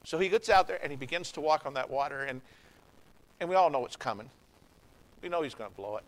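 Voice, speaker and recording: A man preaching a sermon in a church service, folksy and conversational, swinging from hushed lines to loud ones. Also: fairly high pitch, lively intonation, fast, low-quality recording. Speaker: pastor.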